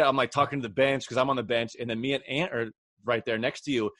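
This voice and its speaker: A fast-talking man with a medium-pitched voice hosts a casual podcast, energetically telling stories and acting out quotes like an animated storyteller. The studio-quality audio carries no room sound.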